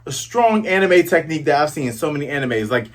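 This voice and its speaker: A man hosting a casual, jokey comic chapter review, recapping scenes with excited asides. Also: fairly high pitch, fast talker. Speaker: host.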